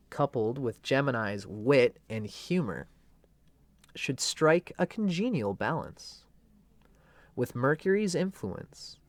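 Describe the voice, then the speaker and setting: A man's voice: mid-range voice, dry recording. A man teaching astrology in a loose, conversational way, with a playful and irreverent edge. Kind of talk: casual explanatory talk.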